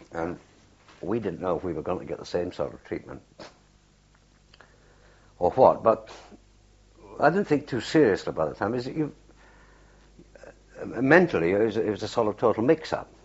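This clip has a war veteran being interviewed for an oral history, an older man whose voice is deep and husky. He recalls his time in the war at an unhurried pace, stumbling through restarts and fillers as he loops back over his memories. Sound quality is muffled and low-fidelity, reminiscent of archival tape.

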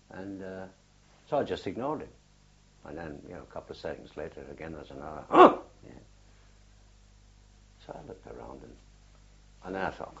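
In an oral history interview, an older man with a very low, husky voice looks back on his wartime days. The war veteran tells his story slowly and haltingly, circling back with lots of fillers and restarts. The audio sounds dull and lo-fi, much like an old archive tape.

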